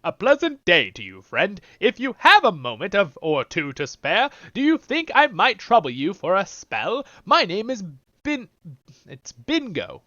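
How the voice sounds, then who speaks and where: A man's voice: high voice, wildly swooping pitch, unhurried, sharp tone, dry recording, dull audio, pitched above the performer's own voice, full character voice. A man voicing a lonely, polite male hobbit homebody in a raised, old-fashioned voice. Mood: genteel.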